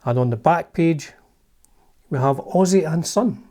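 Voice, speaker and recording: A man's voice: a little high, unhurried, warm tone. A Scottish man hosting a casual video chat, reading from a magazine with chatty, enthusiastic asides. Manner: chatty, enthusiastic asides, swears under his breath. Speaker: vlog host.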